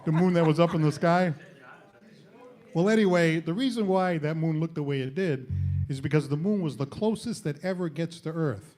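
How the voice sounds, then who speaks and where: A man's voice: fairly high pitch, normal speed, a little mellow, faint music behind. A man hosting a live variety show, delivering a comedy monologue and laughing at his own jokes. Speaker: host. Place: studio stage with audience.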